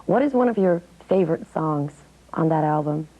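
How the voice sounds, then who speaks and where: A woman's voice: low voice, animated, normal speed, phone-quality sound. A woman interviewer asking friendly, curious questions in a TV interview.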